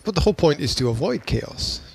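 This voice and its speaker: A man's voice: fairly high pitch, sing-song, a little fast, creaky, husky. A man co-hosting a podcast in casual chat, rambling and teasing, with many restarts and laughs. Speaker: podcast co-host.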